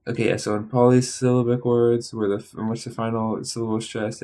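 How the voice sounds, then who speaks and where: A tired man studying on a stream, thinking aloud in a halting, muttering way and sounding out practice words. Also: mid-range voice, little pitch movement, warm tone. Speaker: language learner streaming study.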